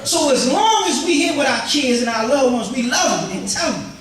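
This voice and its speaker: A male pastor preaches with animated call-and-response, his voice pitched high. He sounds distant from the mic, and every phrase rings through a very echoey church. The congregation can be heard behind him. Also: normal speed. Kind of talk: sermon. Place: church sanctuary.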